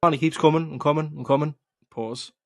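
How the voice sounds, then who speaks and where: A man's voice: on the high side, steady tone, fairly quick, background noise. A man hosting a live football watchalong stream, ranting bluntly with swearing and laughter. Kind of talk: casual live stream chat.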